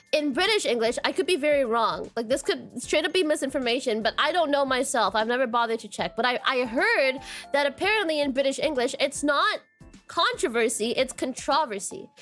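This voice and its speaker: A woman's voice: high voice, fairly bright tone. A young woman streamer in casual chat, reading viewer comments aloud with giggles and a habit of repeating "question mark".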